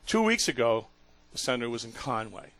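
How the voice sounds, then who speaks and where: A man hosting a talk radio show, telling a story in an earnest, emotional way with halting restarts. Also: medium pitch, sing-song, a bit bright, no echo.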